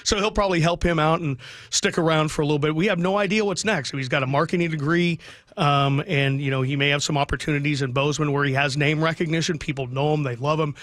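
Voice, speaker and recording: Heartfelt man, bright and dry. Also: on the high side, fairly even intonation, fast, no echo. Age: middle-aged. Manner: heartfelt, rambling, chokes up. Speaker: radio sports broadcaster, guest. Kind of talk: emotional radio interview.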